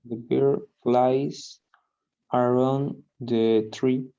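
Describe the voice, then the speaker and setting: A man student answering his teacher over a video call, halting and hesitant. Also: medium pitch, level tone, mellow, clean tone, muffled recording. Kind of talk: answering in class.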